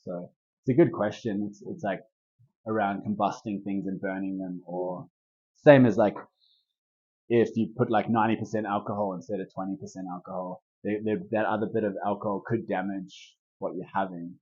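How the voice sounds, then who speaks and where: A man's voice: fairly low pitch, steady tone, normal speed, darkish tone, breathy edge, highs cut off. A man leading a casual herbalist workshop, talking in a laid-back, rambling way with lots of fillers. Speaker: herbalist leading a group talk.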